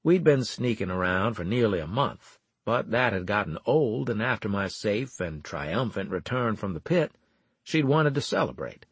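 A man narrating a first-person audiobook in a wry, animated storytelling manner. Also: on the low side, moderate pace, breathy edge, dry recording.

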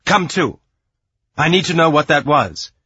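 A man voicing a commanding woman leader who gives urgent, clipped orders in a husky voice. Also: a little high, lively intonation, moderate pace, sharp tone, lo-fi sound, pitched above the performer's own voice, heavily acted.

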